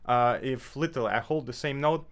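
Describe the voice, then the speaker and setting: A man's voice: medium pitch, a little fast. A man teaching clarinet in a casual tutorial from his apartment, talking loosely with many fillers and restarts. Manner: relaxed, with frequent fillers and self-corrections. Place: apartment indoors.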